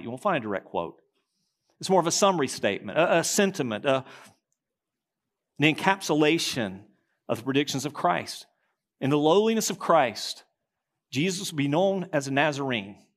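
Man, pastor, sermon, slightly raised pitch, emphatic rising stresses, slows at key lines.

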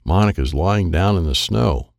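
Deep gravelly man reading a children's book. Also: lively intonation, normal speed, dry recording. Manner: simple first-person telling as a boy. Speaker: audiobook narrator. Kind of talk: children's storybook narration.

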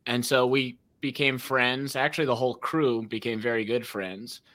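A man hosts a laid-back podcast with a bright, forward voice. He talks in a chatty, storytelling way, tossing in quick asides and little plugs between stories. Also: medium pitch, little pitch movement, dry recording. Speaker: podcast host. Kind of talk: casual chat.

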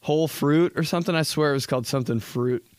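A man's voice: on the high side, quick pace, smooth, no room sound, studio quality. Profane rambling young podcast host, man. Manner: profane, rambling, jokey storytelling. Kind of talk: solo casual podcast chat.

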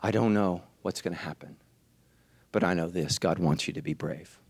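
A male pastor delivering a sermon in church, swinging from hushed, low lines to high, shouted ones with urgent repeated refrains. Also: normal speed, husky, no room sound.

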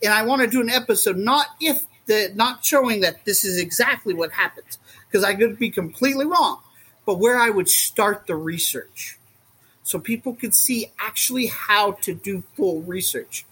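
Husky man rambling about his reptiles. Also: high-pitched, normal speed. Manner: rambling and animated, acts out quotes. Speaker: guest, reptile keeper. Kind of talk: casual podcast chat.

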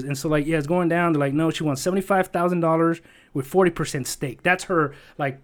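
A man's voice: fairly high pitch, steady tone, a little fast. A man in casual chat, telling a long rambling story with lots of swearing, fillers and emotion.

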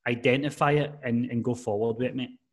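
A man at a middle pitch, talking as a personal trainer guest on a podcast. He gives advice earnestly and emphatically, often dropping "mate" into his sentences in a relaxed conversational way. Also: a little fast. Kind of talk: casual podcast chat.

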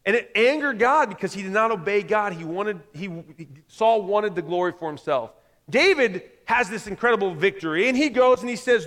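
A man with a notably high voice preaches in a conversational way and slips into quoted voices to make his point. His words ring out with a long reverb, as in a large hall. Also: very animated, fairly quick, a bit bright. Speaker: pastor. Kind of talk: sermon.

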